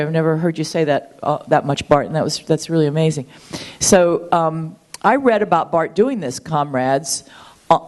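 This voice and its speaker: A chatty woman in her sixties, an author and marathon runner, is a guest in a conversational interview. Her voice is low and a little mellow, and she talks enthusiastically with frequent ums and restarts.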